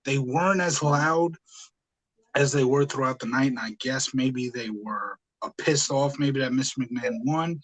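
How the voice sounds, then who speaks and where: A man with an average-pitched voice co-hosting a casual podcast. He talks enthusiastically but rambles, filling gaps with frequent hesitations. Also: unhurried, poor audio. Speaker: podcast co-host.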